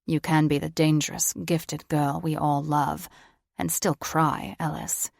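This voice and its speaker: A woman voicing a soft, protective young man. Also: sits low, unhurried, creaky, no echo, clean studio sound, heavily acted. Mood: gentle. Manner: soft, calm, tender.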